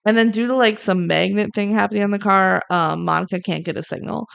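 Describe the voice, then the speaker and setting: A young woman co-hosting a podcast, casually recapping a movie plot and acting out the characters' lines in quick asides. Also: medium pitch, gravelly, fairly bright tone, clear, resonant tone. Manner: retells scenes with quick acted-out quotes. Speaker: podcast co-host.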